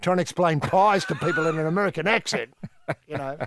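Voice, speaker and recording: A man co-hosting a comedic sports show with a deadpan, mock-sympathetic delivery. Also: fairly high pitch, quick pace. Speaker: co-host.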